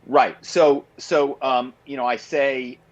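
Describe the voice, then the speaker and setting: A man's voice: medium pitch, slow. Man telling stories in dull lo-fi audio. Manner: animated storyteller, many fillers. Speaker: author and guest. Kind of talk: podcast interview.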